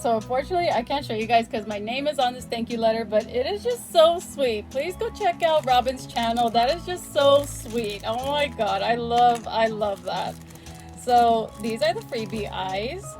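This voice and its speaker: A young woman with a fairly high voice talks to her viewers in a casual, gushing way, piling on excited exclamations. Music plays clearly behind her the whole time. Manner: gushing, excitable, repeats "oh my God". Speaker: book and craft vlogger. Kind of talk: casual vlog chat.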